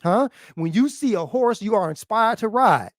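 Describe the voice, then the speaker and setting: Man giving a sermon-style lesson, higher voice, dry close sound, asks huh? and what? all the time. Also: expressive, moderate pace, no room sound. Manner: call-and-response, keeps asking "what?" and "huh?"; repeats phrases, swings from loud to quiet. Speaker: teacher. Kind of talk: sermon-style teaching, reading aloud and explaining.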